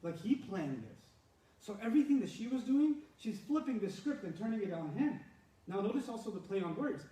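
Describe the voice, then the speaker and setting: A religious lecturer with a high, mellow voice teaches a scripture lesson, animated and quick to laugh as he acts out the story. He sounds a little distant from the mic in an echoey room.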